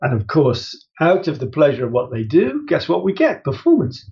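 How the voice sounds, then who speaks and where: An animated man, a business author appearing as a guest, tells work stories in a conversational interview. His creaky voice moves at a moderate pace and leaps high in pitch for emphasis and quotes. The recording has a dull, lo-fi sound.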